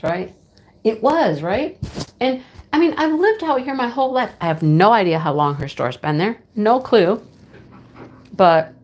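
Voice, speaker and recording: Chatty woman with a lively voice. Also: medium pitch. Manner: chatty, laughs often, greets chat by name. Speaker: livestream host. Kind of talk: casual livestream chat with viewers.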